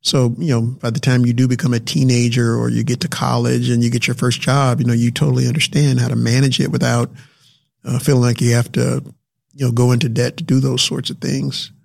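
A man's voice: medium pitch, little pitch movement, a little fast, gravelly, darkish tone. A man speaking earnestly in a casual local talk, emotional and often repeating his words. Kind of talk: casual chat.

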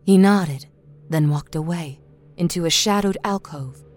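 A woman storyteller narrating a horror story in a steady, expressive reading. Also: lowish voice, unhurried. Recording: narration over a faint music score.

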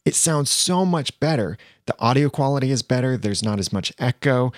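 A man teaching video editing software in a plain, step-by-step way, recorded on a lavalier mic. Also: mid-range voice, expressive, normal speed, few pauses, no room sound. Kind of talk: screen-recorded software tutorial.

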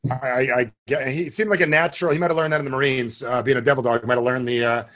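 A man's voice: medium pitch, steady tone, fairly bright tone. A man hosting a podcast interview, reacting with eager enthusiasm and chatting casually. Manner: enthusiastic, quick reactions and restarts. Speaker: podcast host.

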